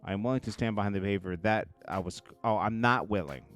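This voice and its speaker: A man reading court testimony aloud in a casual commentary style, in a low murmur broken by quick reactions. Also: soft background music. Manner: reads quotes in a low murmur, then reacts loudly with laughs.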